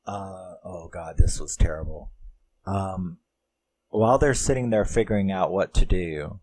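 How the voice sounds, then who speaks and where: A man's voice: low-pitched, a little slow, darkish tone, poor audio. A man casually recapping a film, rambling and emotional, with lots of fillers and swearing. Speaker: film reviewer.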